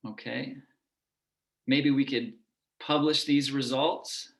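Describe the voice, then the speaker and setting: A man with a lower Midwest American accent giving an online lecture and demonstrating vowel sounds as he explains. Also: steady tone, slow pace, creaky, roomy sound. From United States.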